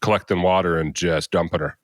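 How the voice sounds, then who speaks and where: Male podcast co-host, lower voice, chatty and rambling, dry studio sound. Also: steady tone, a little fast, dry recording. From Canada. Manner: rambling, self-interrupting storyteller. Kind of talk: casual chat.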